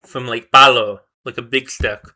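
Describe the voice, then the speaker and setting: A man's voice: medium pitch, fairly even intonation, normal speed, sharp tone, a little hiss or hum. A man thinking aloud as he studies flashcards, muttering, correcting himself and repeating words over and over to memorize them. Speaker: vlogger learning a language. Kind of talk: casual thinking aloud while studying flashcards.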